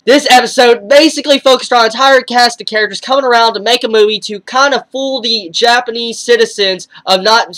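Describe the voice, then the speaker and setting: An anime reviewer giving a casual spoken review of an episode, excitable and gushing, rambling with fillers and sudden jumps in pitch. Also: poor audio. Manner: rambling, with frequent fillers and restarts.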